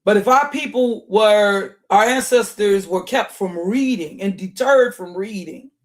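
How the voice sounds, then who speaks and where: This commentary channel host has a mid-range voice and talks a little slowly. In her casual video she muses aloud, often restarting and using fillers, sometimes reading out a passage from an on-screen search result.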